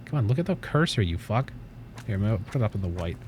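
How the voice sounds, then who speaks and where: A man's voice: fairly low pitch, big pitch swings, quick pace, a little mellow, a little hiss or hum. A man hosting a casual livestream from his desk at home, rambling, swearing offhandedly and cooing at his cat. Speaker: livestream host.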